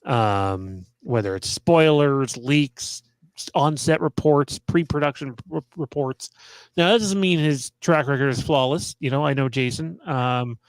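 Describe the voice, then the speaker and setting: A man's voice: mid-range voice, measured pace, smooth, dry recording. A man co-hosting a podcast, talking bluntly and opinionated in casual chat. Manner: opinionated, blunt, swears freely. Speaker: podcast co-host.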